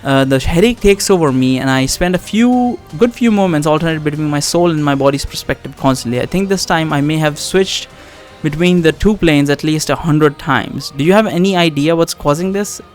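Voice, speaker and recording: A man reading a text game aloud, pausing to think out loud in rambling, self-correcting asides. His voice sits slightly high for a man. Soft background music plays throughout. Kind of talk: casual game reading with commentary.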